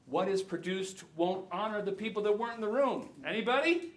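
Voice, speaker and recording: A man in his fifties giving a jokey, animated keynote talk to a live audience. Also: sits high, brisk, background noise. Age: 50s. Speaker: keynote speaker. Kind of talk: conference talk. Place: lecture hall. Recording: echoey hall.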